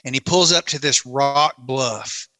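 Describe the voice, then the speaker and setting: A man telling a story as a guest on a casual podcast, animated and breaking into laughter often. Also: mid-range voice, a little slow, no room sound.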